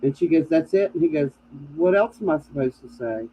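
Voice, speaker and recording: A woman's voice: low-pitched, lively intonation, brisk. A middle-aged woman telling family stories with laughs in a casual chat. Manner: storytelling, laughing at family anecdotes. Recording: dull lo-fi sound with faint noise.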